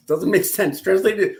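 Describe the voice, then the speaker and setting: A man's voice: high voice, darkish tone. A man from Los Angeles chatting casually on a live stream, reading chat aloud with crude jokes and frequent laughter. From Los Angeles, California. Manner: crude, joking, often laughing.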